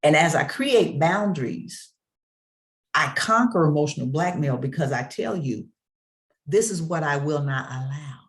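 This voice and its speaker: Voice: medium pitch, expressive, a little slow. Emphatic preacher-style motivational speaker. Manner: emphatic, repeats key phrases in rhythmic refrains; rhetorical, calls out to listeners.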